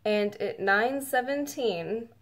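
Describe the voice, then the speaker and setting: A woman's voice: on the high side, lively intonation, slow pace, a bit bright. A woman telling a personal story in a casual, rambling way with many fillers, close to tears and emotional. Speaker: fan telling her story.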